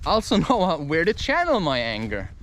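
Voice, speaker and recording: A man musing in a rambling, profane spiritual monologue, excitable and talking half to himself. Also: a little high, fairly quick, slight background noise. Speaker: vlogger.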